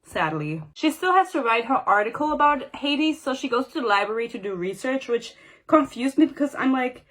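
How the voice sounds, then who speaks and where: A woman's voice: high-pitched, expressive, normal speed, a bit bright. A young woman giving a casual, sarcastic book rant with dramatic asides. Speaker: book reviewer.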